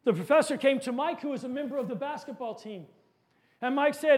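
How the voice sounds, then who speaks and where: High-voiced man telling a sermon story. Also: fairly quick, darkish tone.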